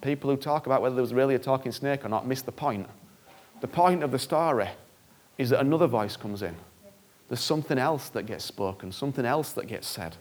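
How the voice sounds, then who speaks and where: A man's voice: mid-range voice, fairly quick. A male preacher giving an earnest, conversational sermon that often repeats phrases for emphasis.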